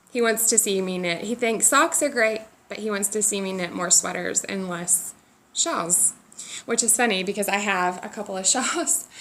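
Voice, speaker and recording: A woman's voice: mid-range voice, creaky, a bit bright, a little hiss or hum. A woman hosting a knitting podcast, chatting casually and rambling a little, self-deprecating as she talks, sitting outdoors. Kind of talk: casual chat.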